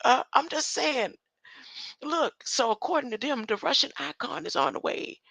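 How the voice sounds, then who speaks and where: A woman's voice: sits high, expressive, normal speed, vocal fry, a bit bright, no echo, low-quality recording. A woman hosting a livestream, rambling through a spiritual monologue, often ending her lines with a questioning "huh?" and laughing between thoughts.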